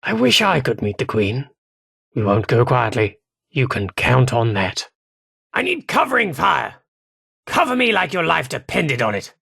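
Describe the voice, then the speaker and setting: An actor playing a gruff British soldier loyal to the Queen in a game, barking military commands. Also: medium pitch, wildly swooping pitch, unhurried, bright, forceful tone, no room sound, studio quality, exaggerated voice. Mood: shouting. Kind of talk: game voice lines.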